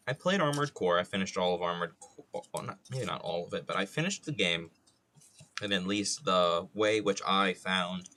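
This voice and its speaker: A man's voice: lowish voice, pushed and bright. Rambling, profane young man streaming art. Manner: rambling, profane, jokey asides. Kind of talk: casual chat while sculpting on a livestream.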